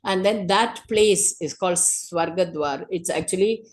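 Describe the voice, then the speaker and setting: A woman's voice: fairly low pitch, a little slow. A woman giving a religious class, retelling a sacred story in a conversational way, with many "you know" and "uh" fillers. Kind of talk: storytelling talk.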